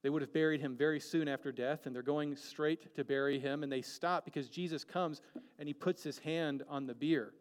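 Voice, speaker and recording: A man preaching a sermon earnestly, moving between emphatic peaks and hushed, quiet lines. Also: a little high, steady tone, moderate pace, long reverb tail.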